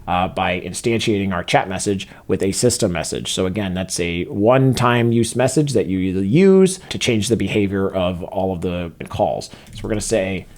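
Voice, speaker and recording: A man with a fairly low-pitched voice narrates a screen-recorded coding walkthrough. He talks casually and steps through each line of code as he types it, often pausing on a filler uh. His delivery is relaxed and instructional. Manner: relaxed step-by-step narration of typed code, with frequent filler uhs. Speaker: software developer teaching a coding tutorial.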